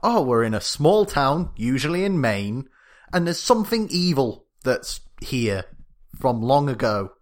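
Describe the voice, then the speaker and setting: A man's voice: medium pitch, sing-song, measured pace. A man with a British accent co-hosting a casual film review podcast, joking around and stumbling over names. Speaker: podcast co-host.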